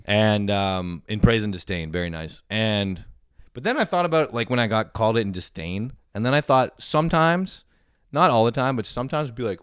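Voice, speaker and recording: A man's voice: medium pitch, lively intonation, fast talker, clean tone, no room sound, studio quality. A young man hosting a podcast, telling rambling stories full of swearing in casual chat. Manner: profane, rambling storyteller. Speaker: podcast host.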